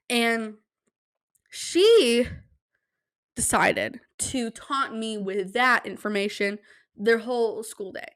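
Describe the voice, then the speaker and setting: A young woman hosting a casual solo podcast at home, telling stories in an animated, self-deprecating way and acting out quotes. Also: takes it slowly. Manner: animated, self-deprecating, acts out quotes with big pitch jumps. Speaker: podcast host. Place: home room, quiet at night.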